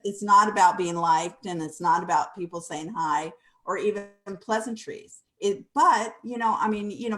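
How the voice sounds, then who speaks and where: Encouraging woman, low-pitched voice. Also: fairly bright tone, rough recording. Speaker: radio co-host. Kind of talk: casual chat.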